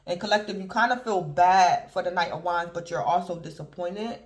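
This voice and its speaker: High-voiced man giving a rambling tarot reading. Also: fairly quick. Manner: rambling, keeps addressing listeners as "collective". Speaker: tarot reader. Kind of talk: casual tarot reading to viewers. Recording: roomy echo.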